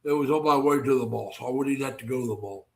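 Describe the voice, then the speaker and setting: A man's voice: mid-range voice, rapid-fire, creaky, a little mellow. A man hosting a casual livestream, rambling and greeting viewers by name with lots of fillers and restarts. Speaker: livestream host.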